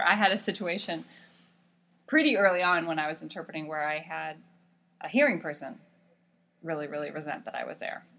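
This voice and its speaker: A woman with a somewhat low voice tells stories from her work as a sign language interpreter. She is animated and emphatic, often restarting her sentences as she goes.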